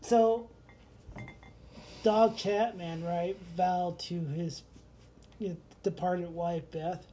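A man co-hosting a podcast tells lively stories during casual chat and laughs a lot along the way. He speaks in a high voice, very slowly and with frequent pauses, and there's slight background noise.

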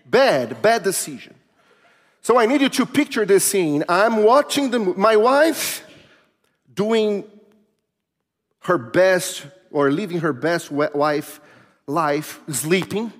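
A man preaching a sermon, telling a personal story in an animated, self-mocking way, often laughing. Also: sits high. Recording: long reverb of a large hall.

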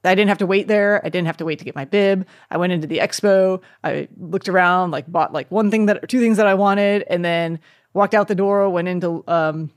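A man with a fairly high voice chats as a podcast guest, rattling through a story and playing out each quoted voice. The sound is dry, with no room echo. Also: brisk. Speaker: podcast guest, marathon runner. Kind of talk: casual chat.

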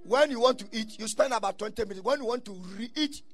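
A man preaching a sermon, telling stories and breaking into shouted bursts. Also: very high voice, fairly quick, faint music behind. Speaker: pastor.

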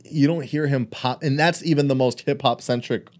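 A man's voice: medium pitch, fairly even intonation, moderate pace. A man co-hosting a podcast in casual chat, loose and profane, teasing his co-host.

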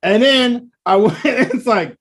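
On a casual podcast he co-hosts, a man rambles through stories, laughing as he imitates the people he spoke with on the phone. His voice is extremely high, animated and fairly bright, and he talks at a slow pace. It's relaxed, chatty conversation.

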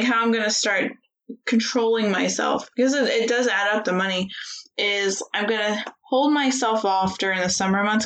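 A woman's voice: medium pitch, fairly bright tone, rough recording. A woman co-hosting a podcast in casual chat, talking with lots of "like" fillers. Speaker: podcast co-host.

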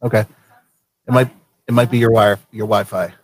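A man from Vermont hosting a casual live show, easygoing and quick to laugh. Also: on the low side, fairly even intonation. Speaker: show host.

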